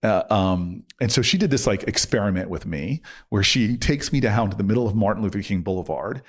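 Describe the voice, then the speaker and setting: Interview guest: man in his forties, fairly low voice, casual and lively storytelling with laughter. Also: a little fast. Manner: animated storyteller, laughs often, restarts sentences.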